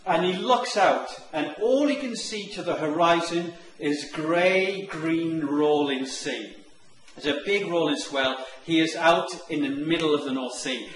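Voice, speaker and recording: Guy telling a funny story, voice on the high side, kinda echoey room w faint hiss. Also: a little slow. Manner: animated, acts out the characters' lines in higher voices. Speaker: online marketing presenter. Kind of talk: storytelling anecdote.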